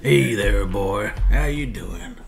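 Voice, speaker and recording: A man putting on a rough American cowboy outlaw voice, drawling and shouting. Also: lowish voice, slow, faint music behind. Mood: hearty.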